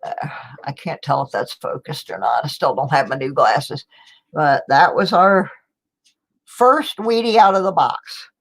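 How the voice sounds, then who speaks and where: Low, slow-talking woman vlogger. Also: animated, breathy edge. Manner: chatty and rambling, with small laughs. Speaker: coin roll hunting vlogger. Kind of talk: casual chat to viewers. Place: home, indoors.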